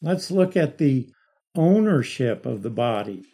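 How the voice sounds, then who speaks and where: Male Bible teacher, slow and measured, mellow husky tone, repeats key words for emphasis. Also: medium pitch, very animated.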